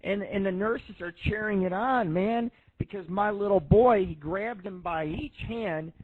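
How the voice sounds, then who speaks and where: Male radio host, 30s, rambling and foul-mouthed, a bit high-pitched, dry tinny phone sound. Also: unhurried, husky. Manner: profane, rambling, storytelling. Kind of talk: casual rambling radio monologue.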